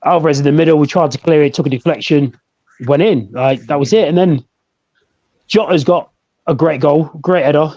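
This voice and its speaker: A man's voice: a little high, fairly quick, darkish tone. A laid-back man co-hosting a casual football chat podcast, laughing often. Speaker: podcast co-host. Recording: dull lo-fi audio.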